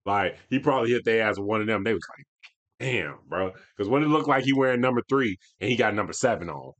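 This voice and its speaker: A man's voice: lowish voice, lively intonation, racing, fairly bright tone. Laid-back young man reacting to basketball. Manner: laid-back slangy banter, mumbles asides. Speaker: reaction video host. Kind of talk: casual reaction commentary.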